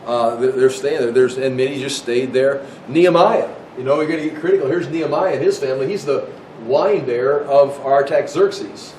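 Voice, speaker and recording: A man's voice: normal speed, darkish tone. An American man giving a casual Bible history lecture, rambling with restarts and asides. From United States. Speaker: Bible teacher. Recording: echoey room, mic far off, faint rumble.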